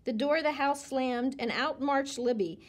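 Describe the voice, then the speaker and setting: A woman reading a children's chapter book aloud in an expressive way. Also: high voice, moderate pace. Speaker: reader.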